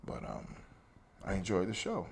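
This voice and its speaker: A man's voice: huge pitch swings, moderate pace. A man telling a long casual story as an interview guest, swearing freely and recounting old conversations. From New Jersey. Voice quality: deep and gravelly, swears freely. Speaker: interview guest, former wrestler. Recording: faint background noise.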